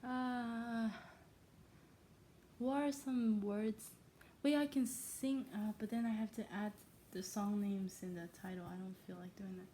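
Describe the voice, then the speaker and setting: A woman's voice: mid-range voice, fairly even intonation, unhurried, mellow, a little hiss or hum. A woman from China talking in a self-made accent that blends Irish, American and Chinese sounds, rambling playfully and teasing herself in her own room. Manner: playful, scattered, self-mocking, trails off often. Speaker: vlogger. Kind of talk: casual rambling monologue.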